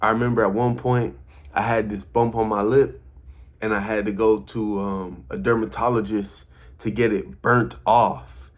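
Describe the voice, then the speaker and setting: A man's voice: fairly low pitch, flat delivery, a little slow. A man in his early thirties talking casually to camera, loose and repetitive, full of slang and "you feel me?" checks. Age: early 30s. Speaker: vlogger.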